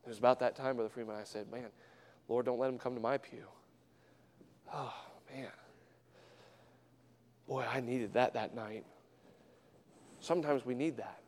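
A man preaching a sermon as a traveling missionary, swinging from hushed storytelling to loud, fervent exhortation in a church. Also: mid-range voice, steady tone, normal speed, pauses often, big-room sound. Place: church sanctuary.

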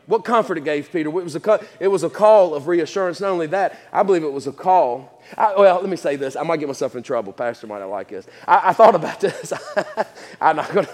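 High-voiced preacher in an echoing hall. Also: male voice, lively intonation, quick pace, a little mellow. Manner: folksy, laughs often, repeats words. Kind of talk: sermon. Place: church.

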